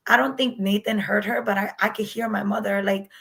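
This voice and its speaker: A woman's voice: mid-range voice, steady tone, fairly quick, gravelly, a bit bright, poor audio. A woman, speaking candidly as an interview guest recounting her own experience and acting out past conversations. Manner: candid, acts out past dialogue. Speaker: guest sharing her story. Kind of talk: personal storytelling.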